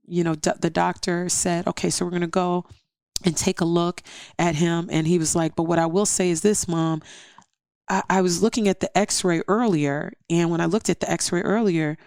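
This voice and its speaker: A middle-aged woman sharing a personal testimony as a podcast guest, animated and acting out the voices in her story. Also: lowish voice, clear, resonant tone, dry recording, clean studio sound.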